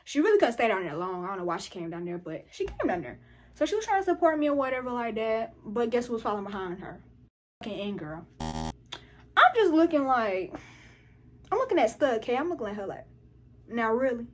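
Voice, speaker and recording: A teenage girl telling a story in casual chat, animated and full of profanity and slang. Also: on the high side, brisk. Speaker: vlogger.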